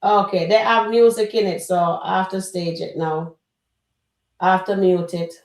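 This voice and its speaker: A woman's voice: mid-range voice, fairly even intonation, normal speed, darkish tone, echoey room. A woman hosting a live reaction stream, chatting casually and speaking straight to her viewers. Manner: chatty, addresses the chat directly.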